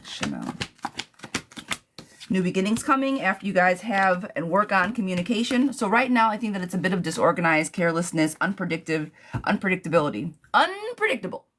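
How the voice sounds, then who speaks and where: A woman hosting a live tarot stream, chatting casually and affectionately, with many pet names for her viewers and quick, animated bursts of talk. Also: fairly low pitch. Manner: animated, talks fast in bursts, laughs often.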